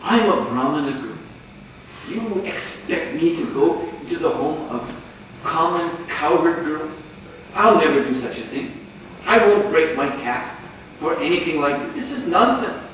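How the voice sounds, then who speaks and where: A man's voice: a little high, animated, measured pace, a bit bright. A man voicing a haughty, snobbish young girl who speaks with lofty indignation. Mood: scornful. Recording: echoey hall, distant mic, faint noise.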